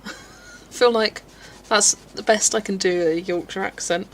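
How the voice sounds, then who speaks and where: A young woman chatting casually on a livestream while she colours, self-mocking and quick to laugh. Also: mid-range voice, steady tone, slight background noise. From South West England. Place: home, streaming while colouring.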